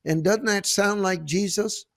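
A man hosting a Christian talk show, telling stories in a fervent, preacherly way with halting restarts, on a close mic. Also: high-pitched, gravelly, fairly bright tone, no echo. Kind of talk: preacherly storytelling and interview.

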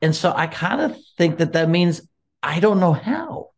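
A man's voice: fairly high pitch, sing-song, measured pace, vocal fry. A man talking earnestly about faith and forgiveness, laughing often and restarting his sentences. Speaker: guest. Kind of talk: casual faith talk.

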